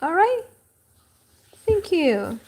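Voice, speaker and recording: A woman teacher speaks very slowly, sounding out each word with care and saying it twice. Her voice is high and lively, rising and falling a lot. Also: slight background noise. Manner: slow, careful pronunciation with each word said twice. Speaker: language teacher. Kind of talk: slow repeat-after-me vocabulary lesson.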